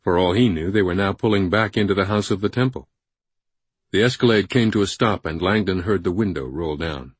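A man narrating a thriller audiobook in a measured, suspenseful way on a close studio microphone. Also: sits low, breathy edge, no echo.

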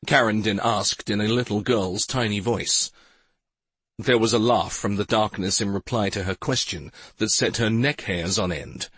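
A man narrating an audiobook in an expressive, dramatic storytelling manner, close to the microphone. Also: lowish voice, normal speed, slightly rough, dry recording. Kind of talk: scripted narration. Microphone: close studio mic.

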